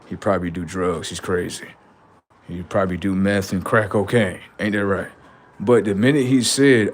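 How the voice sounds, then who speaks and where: A man's voice: mid-range voice, normal speed, slight background noise. A man hosting a livestream in a rambling, slangy monologue, often murmuring asides to his viewers. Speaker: livestream host.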